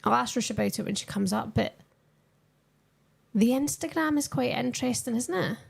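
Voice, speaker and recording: A woman's voice: on the high side, normal speed, gravelly, slightly rough. A young woman chatting casually with her viewers on a live stream while she watches a football match and answers their comments.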